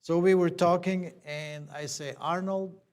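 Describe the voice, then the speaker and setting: A man's voice: sits high, fairly even intonation, a little slow, darkish tone. A man, a church elder, telling a personal story in a plain conversational sermon, acting out the dialogue.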